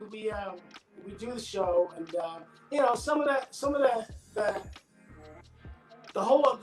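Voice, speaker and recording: A middle-aged actor being interviewed, telling stories in a loose, animated way and acting out his friends' voices. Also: high voice, reverberant, low-quality recording. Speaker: actor guest. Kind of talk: casual interview storytelling.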